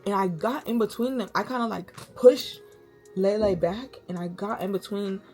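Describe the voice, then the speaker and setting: Animated young woman telling a story. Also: medium pitch, normal speed, soft background music. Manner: animated, slangy, with dramatic asides. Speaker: vlogger. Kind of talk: storytime vlog.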